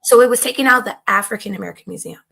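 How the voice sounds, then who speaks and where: A woman guest with a hoarse voice that is going out, explaining her point in casual discussion with many hesitations. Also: medium pitch, rapid-fire, a bit bright.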